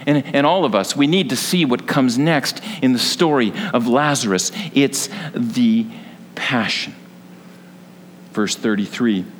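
A man's voice: mid-range voice, measured pace, in a large hall, slight background noise. A man preaching a sermon as pastor, earnest and building to passionate emphasis.

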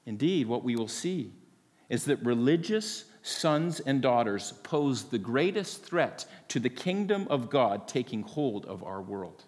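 A man's voice: mid-range voice, expressive, unhurried. A man preaching a sermon as pastor, friendly and earnest, with many small fillers. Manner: friendly, joking then earnest, filler-heavy. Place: church sanctuary. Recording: long reverb of a large hall.

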